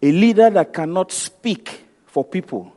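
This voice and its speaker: A high-pitched, dark-toned man with a Nigerian accent talks a little slowly, his intonation lively. Giving a motivational talk amid long hall reverb, he acts out dialogue in his stories and hammers points through repetition.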